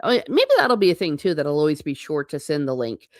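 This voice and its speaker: A woman's voice: sits low, big pitch swings, brisk, no room sound, studio quality. A woman who used to teach, hosting a casual livestream, chatting loosely, laughing often and reading out viewer comments. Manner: chatty and rambling, laughing often, self-correcting. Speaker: livestream host; former teacher.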